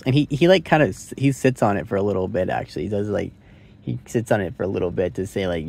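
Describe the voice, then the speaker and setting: A young man records a loose, rambling movie review on his phone, thinking aloud and cursing casually. His voice is low and dark, with a husky, gravelly edge. He fills his talk with "like" and "right". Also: expressive, quick pace. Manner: rambling, curse-laden, thinks aloud with many likes and rights.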